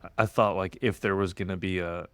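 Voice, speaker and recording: A man's voice: deep voice, steady tone, fairly quick, clean tone, dry recording. A man co-hosting a podcast in casual chat, laid-back and a bit hesitant.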